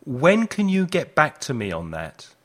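Slow, lively teacher man. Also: a little high. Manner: clear, deliberate modelling of phrases with lively intonation. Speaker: English teacher. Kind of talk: slow repeat-after-me language lesson.

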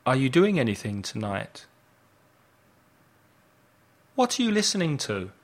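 Man reading practice questions, lively intonation. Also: mid-range voice, a little slow. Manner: careful, clearly spoken questions. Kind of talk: reading example phrases for learners.

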